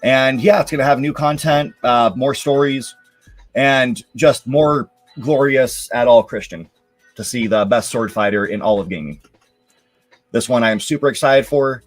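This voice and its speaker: A young man talks loosely on a live show, drifting through thoughts with plenty of fillers. His voice sits at an ordinary middle pitch. Soft music plays faintly underneath. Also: unhurried. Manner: relaxed, rambling, lots of fillers. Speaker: show host. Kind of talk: casual live-stream commentary.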